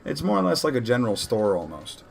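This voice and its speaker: A man's voice: medium pitch, big pitch swings, fast talker, gravelly, background noise. Casual, rambling male game master. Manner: casual, rambling, with many fillers. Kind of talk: narrating a tabletop game.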